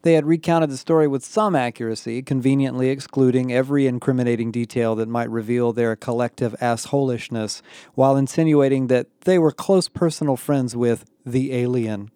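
Guy reading a story out loud, wry deadpan delivery, mellow voice. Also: mid-range voice, a little fast, clear, resonant tone, no room sound. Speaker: audiobook narrator. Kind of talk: scripted narration with character voices.

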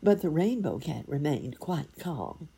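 A woman narrating a fairy tale in an expressive, lively storytelling manner. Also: low-pitched, measured pace, creaky, slightly rough.

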